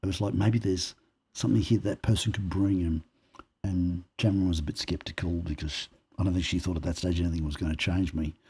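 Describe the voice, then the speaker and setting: Deep and husky, the Australian man talks a little fast as a guest on a podcast. Sharing personal stories conversationally, he performs the dialogue himself with animated flair.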